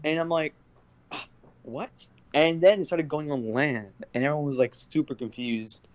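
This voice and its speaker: A man's voice: fairly high pitch, fairly even intonation, brisk. A young man co-hosting a casual podcast, telling a story in a rambling, hesitant way and losing the thread. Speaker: podcast co-host.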